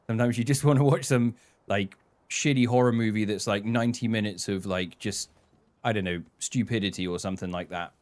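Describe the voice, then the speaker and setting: Guy streaming a game, low-ish voice, rambles, swears a lot. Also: fairly quick. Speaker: gaming streamer. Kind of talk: casual live-stream commentary.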